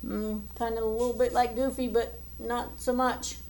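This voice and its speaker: A woman's voice: on the high side, little pitch movement, normal speed, a little mellow, slight background noise. A woman teacher walking through math problems in a recorded lesson, thinking aloud as she draws and works them out. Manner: talks while drawing and working problems aloud.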